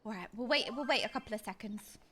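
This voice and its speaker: A woman's voice: on the high side, fast, bright, forceful tone, slight background noise. A young woman streaming a game, chatting playfully and chanting silly words in a sing-song way. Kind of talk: casual live-stream chatter.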